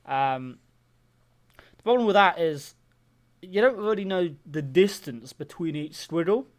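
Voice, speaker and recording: A British man co-hosting a comedy podcast, dropping dry deadpan asides into an improvised story. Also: a little high, measured pace. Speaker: podcast co-host. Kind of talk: casual improvised comedy chat.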